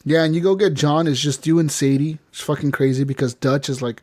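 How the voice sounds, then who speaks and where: A man co-hosting a casual podcast retells scenes with quoted dialogue, swearing and laughing a lot. His voice is on the high side, a little mellow and fairly quick with fairly even intonation, captured in a dry, studio-quality recording.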